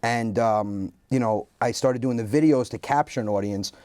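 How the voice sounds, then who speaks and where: Male comedian guest, mid-pitched, animated storyteller, dry close sound. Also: moderate pace, dry recording. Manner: animated, acts out quoted voices. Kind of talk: casual interview storytelling.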